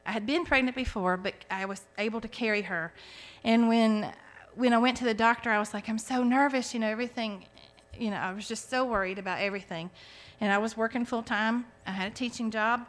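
Speaking a little fast in a steady, slightly bright, higher-pitched voice, this woman in her forties recounts her personal faith journey with sincerity. She restarts her sentences frequently as she goes.

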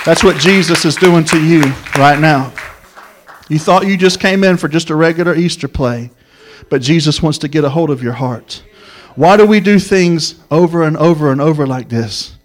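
A male preacher with a twang and a voice sitting a little high for a man. He preaches with swells of feeling, climbing loud and pleading, then falling to a hushed, low close. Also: moderate pace. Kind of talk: sermon.

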